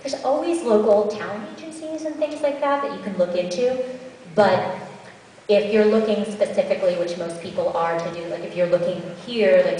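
A woman's voice: medium pitch, a little mellow, a little hiss or hum. A woman voice actor answering audience questions on a convention panel, chatty and practical. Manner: chatty, practical advice with asides. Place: large convention hall. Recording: echoey hall, far from mic.

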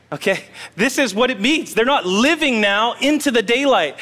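Pastor, male, high voice, conversational sermon, long church hall reverb. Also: fairly bright tone. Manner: conversational, story-telling preaching with audience asides. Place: church sanctuary.

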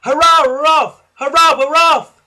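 A man's voice: a little high, very animated, slow pace, a little mellow, husky, heavily acted. Thomas, a man doing a proud little tank engine. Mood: eager. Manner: boastful and huffy, chanting phrases twice.

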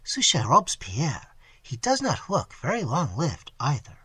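A man voicing a naive young woman who speaks in soft whispers. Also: a little high, wildly swooping pitch, a little slow, slightly rough, no echo, exaggerated voice. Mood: wry.

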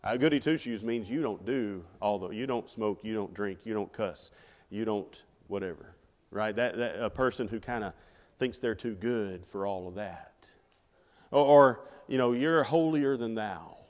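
A man with a fairly low voice preaches at a moderate pace in a church sanctuary, with a big-room sound. His sermon is conversational, full of rhetorical questions aimed at the congregation.

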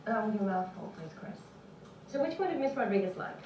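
An actress playing a gentle, caring mother who speaks in a motherly way. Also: medium pitch, animated, brisk, far from the mic, noisy background, natural voice. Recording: dull roomy TV soundtrack, music behind.

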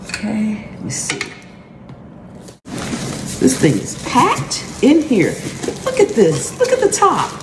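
A woman's voice: on the high side, takes it slowly, long pauses. A woman hosting a cooking channel, talking through an unboxing in a casual, effusive way and exclaiming often. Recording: roomy with steady background noise.

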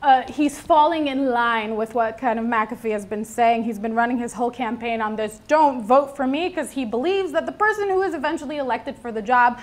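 High-voiced young woman co-hosting news. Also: fairly quick, few pauses. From New York. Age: young adult. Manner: chatty, reads out comments with filler ums. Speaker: news co-host. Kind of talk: casual news banter.

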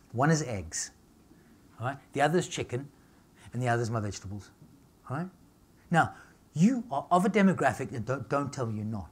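A man's voice: mid-range voice, slightly rough. A middle-aged man holds forth at a live seminar. He talks in brash, punchy bursts, cracks jokes, and keeps asking his audience "all right?" before moving on. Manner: brash, punchy, jokey, asks "all right?" and "okay?" often. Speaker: nutritionist giving a talk.

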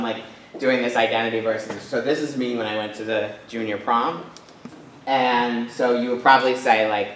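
A man's voice: medium pitch, fairly bright tone, a little hiss or hum. Man from Rhode Island, guest speaker, casual chatty talk, distant mic, echoey church hall. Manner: casual, chatty, many fillers and tag questions. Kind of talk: personal talk to an audience.

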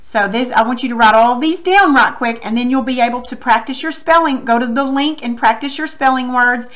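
A woman's voice: fairly high pitch, a bit bright. A woman teacher giving a recorded lesson to children, asking questions and drawing out words syllable by syllable in an encouraging way. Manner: slow, exaggerated syllable clapping; encouraging, asks students questions.

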